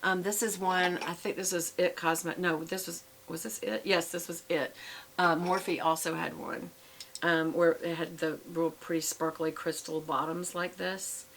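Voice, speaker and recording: Gravelly-voiced woman vlogger. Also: fairly low pitch, flat delivery, a little slow, a bit bright, a little hiss or hum, poor audio. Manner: chatty, rambling, with many fillers and self-corrections. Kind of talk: casual show-and-tell chat.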